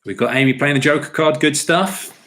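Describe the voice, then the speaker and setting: A man's voice: a little high, brisk, fairly bright tone. A man hosting a live-streamed pub quiz, chatty and upbeat, talking straight to his viewers and reading the quotes out plainly. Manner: reads quotes out plainly without doing voices.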